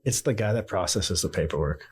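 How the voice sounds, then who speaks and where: A man's voice: sits low, brisk, breathy edge. A man, a guest on a podcast, telling casual stories and acting out the people in them. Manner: animated anecdotes with quoted dialogue. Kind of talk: casual storytelling.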